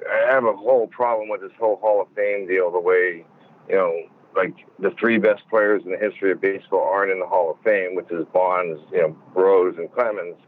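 A man telling stories as an interview guest over the phone from a car, swearing a lot and rambling with many fillers. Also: low-pitched. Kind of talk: storytelling interview. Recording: tinny phone line.

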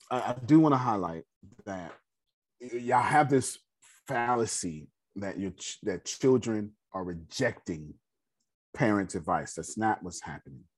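Host type: low husky male voice, dry close sound, affirming and easygoing. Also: dry recording. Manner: affirming, laughs easily, repeats words. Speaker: host of a group call. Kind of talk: casual group call.

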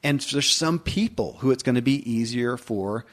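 A man's voice: mid-range voice, normal speed, fairly bright tone. A man hosting a podcast, giving an earnest, emphatic motivational talk in a conversational way. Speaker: podcast host. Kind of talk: motivational monologue.

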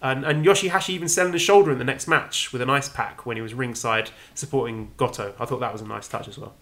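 A man co-hosting a podcast, recapping matches in a measured, wry, casual way. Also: medium pitch, a bit bright. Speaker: podcast co-host. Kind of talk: casual wrestling review chat.

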